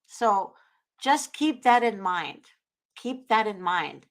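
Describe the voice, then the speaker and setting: A woman talks to her audience as a show host, her voice sitting at an ordinary middle pitch. She gives earnest, preachy advice and circles back to repeat her points. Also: sing-song, slow pace. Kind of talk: casual advice talk.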